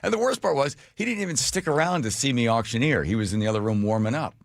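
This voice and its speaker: A middle-aged man hosting a radio show, telling a story in a casual, animated, self-mocking way. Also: medium pitch, fast, gravelly, no echo, clean studio sound. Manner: animated, self-mocking, laughs at his own stories. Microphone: studio microphone.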